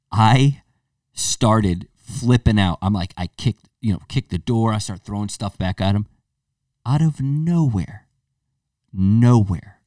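Animated young man telling stories. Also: fairly low pitch, dry recording, studio quality, distant mic. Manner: animated storyteller, swears freely, acts out quotes. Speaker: podcast co-host. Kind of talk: casual storytelling chat.

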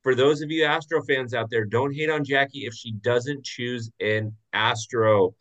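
A man's voice: mid-range voice, a little slow, fairly bright tone, muffled recording. A man hosting a sports podcast, asking his co-hosts questions in an easygoing, teasing way. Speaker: podcast host. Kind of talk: casual sports chat.

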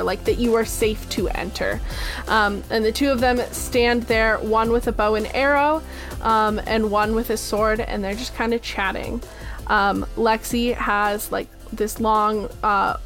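A woman's voice: a little high, a bit bright. A young woman narrating a tabletop game as game master, casual and full of "like" and "um". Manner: casual, lots of "like" and "um".

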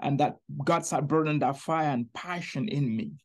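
A man from Niger, a podcast guest telling his personal faith story in an earnest, animated way. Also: on the high side, normal speed. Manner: earnest, animated storyteller who acts out quoted voices.

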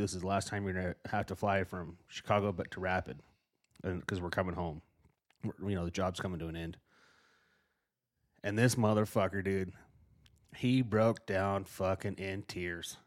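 Speaking low and at a moderate pace, this middle-aged man co-hosts a podcast and spins a story in relaxed conversation. The telling is lively and full of profanity, with quotes performed aloud.

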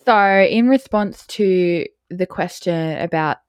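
A woman's voice: lowish voice, takes it slowly, darkish tone, clean tone, dry recording, studio quality. A young woman co-hosting a podcast in casual chat, blunt and laughing often. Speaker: podcast co-host.

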